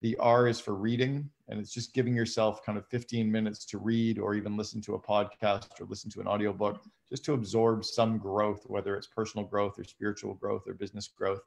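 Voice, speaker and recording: Male guest, low gravelly voice, conversational and methodical. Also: little pitch movement, brisk, few pauses, darkish tone. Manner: conversational, explains habits step by step. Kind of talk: casual live conversation.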